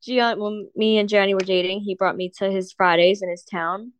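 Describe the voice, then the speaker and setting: A woman's voice: mid-range voice, level tone, moderate pace, clean tone. A woman hosting a podcast, chatting casually and teasing with frequent laughs. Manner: playful, teasing, laughs often. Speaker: podcast host. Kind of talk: casual chat.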